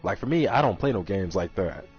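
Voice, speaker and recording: A man's voice: low voice, animated, brisk, darkish tone, slightly rough. Exasperated man rambling through a story. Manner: rambling, exasperated retelling with acted-out quotes. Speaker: kitchen server at a center. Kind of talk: casual storytime monologue. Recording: dull lo-fi audio with faint music.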